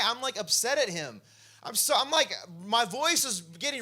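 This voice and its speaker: A young male pastor with a high, sharp, bright voice preaches a sermon. He talks casually, scattering "like" through his lines, and swings between a chatty storyteller's tone and impassioned preaching. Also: expressive, normal speed. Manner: casual, peppered with "like".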